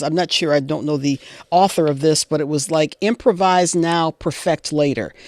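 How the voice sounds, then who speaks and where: A woman's voice: lowish voice, a little mellow, dry recording, studio quality. A woman moderating a panel on a video call, chatty, asking questions and reading out audience comments.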